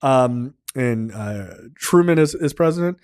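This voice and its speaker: In a casual film review podcast, the host goes scene by scene, animated and heavily profane. He talks at a measured pace in a clear, resonant mid-range voice, recorded clean in a studio without room sound.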